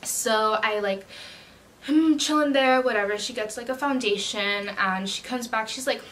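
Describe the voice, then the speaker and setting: A woman's voice: fairly high pitch, normal speed, fairly bright tone. A young woman vlogger telling a retail storytime in a chatty, slangy way and acting out the people in it. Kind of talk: casual storytime chat.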